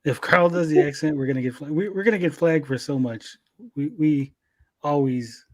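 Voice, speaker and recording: A man's voice: on the high side, moderate pace, a little mellow. A man hosting a casual stream chat, laid-back and reading chat comments aloud with casual swearing. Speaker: podcast host.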